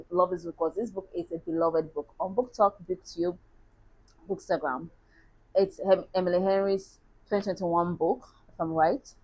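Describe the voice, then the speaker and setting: A woman's voice: fairly low pitch, poor audio. A woman chatting casually as a book reviewer, laughing at herself now and then.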